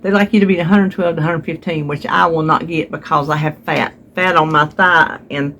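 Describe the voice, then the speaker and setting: A woman's voice: deep voice, fairly even intonation, brisk, fairly bright tone, slight background noise. A woman chatting to her viewers, retelling a therapy visit with voiced quotes, recorded at home on a phone. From North Carolina. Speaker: vlogger. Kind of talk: casual storytelling to viewers.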